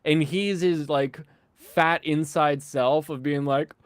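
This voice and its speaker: A man's voice: fairly high pitch, slow pace, clean tone, dry recording. Sardonic man ranting in a dry room. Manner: animated, sardonic ranting, slips into mocking voices. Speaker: host. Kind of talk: casual podcast chat.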